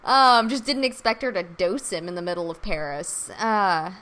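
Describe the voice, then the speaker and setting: A woman's voice: mid-range voice, animated, moderate pace, a bit bright, poor audio. A woman co-hosting a casual fan podcast, chatty and laughing often. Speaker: podcast co-host.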